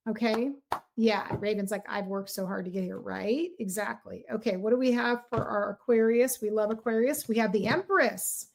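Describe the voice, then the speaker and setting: A middle-aged woman hosts a casual tarot livestream, her voice sitting a touch high. She talks to her viewers directly, warm and effusive, piling on encouragement as she reads the cards. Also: creaky.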